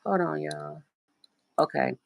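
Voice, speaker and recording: Middle-aged american lady rambling on her phone live from home, deep voice, dry close sound. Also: slow, creaky, dry recording. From United States. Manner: chatty, rambling storyteller who acts out quoted voices. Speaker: livestream host. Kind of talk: casual live-stream chat. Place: at home indoors.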